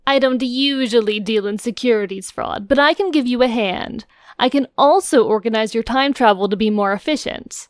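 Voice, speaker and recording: A woman's voice: a little high, normal speed, no room sound, clean studio sound, close to an everyday voice. A woman voicing a sly, mischievous young troll who offers to be a lawyer in a fan audio drama, speaking in a smug, teasing way.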